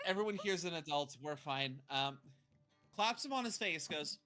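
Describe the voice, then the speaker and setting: A tabletop game player chatting casually in and out of character, joking and talking quickly while correcting themselves. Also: medium pitch, lively intonation, sharp tone, soft background music. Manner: fast, joking, self-correcting.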